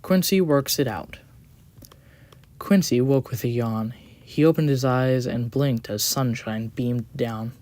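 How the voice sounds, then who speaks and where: A storyteller reading an audio story aloud, expressive with the odd small slip. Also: medium pitch, slow pace, no room sound.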